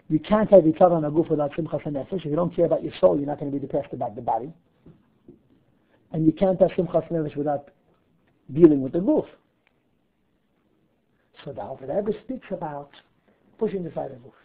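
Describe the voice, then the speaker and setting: A rabbi teaching a class, lively, weaving Hebrew terms into his English and asking himself questions to answer them. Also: high-pitched. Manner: animated, asks and answers his own questions. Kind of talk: Torah class lecture. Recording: narrow phone-like audio.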